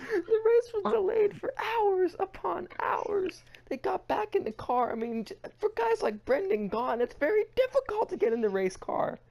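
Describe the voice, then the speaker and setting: A man's voice: very high-pitched, very animated, moderate pace, vocal fry, darkish tone, lo-fi sound. A man co-hosting a podcast, ranting theatrically with heavy swearing and mock crying. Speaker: podcast co-host. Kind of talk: casual comedic rant.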